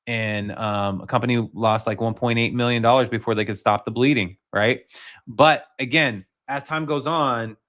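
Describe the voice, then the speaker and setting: A man's voice: medium pitch, a bit bright. A man hosting a casual livestream, talking loosely with many fillers and restarts. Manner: rambling, filler-heavy, frequent restarts. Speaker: livestream host.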